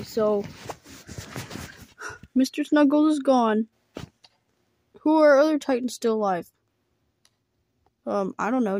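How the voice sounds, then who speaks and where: A woman telling a playful homemade role-play story, voicing every character herself, switching between excited yelps and flat, deadpan asides. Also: fairly high pitch, no echo.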